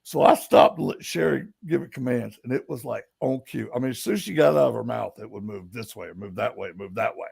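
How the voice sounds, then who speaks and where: A man telling paranormal investigation stories, animated and laughing, in casual chat. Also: mid-range voice, fairly quick, gravelly, hardly any pauses, husky, dry recording. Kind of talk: casual storytelling on a live stream.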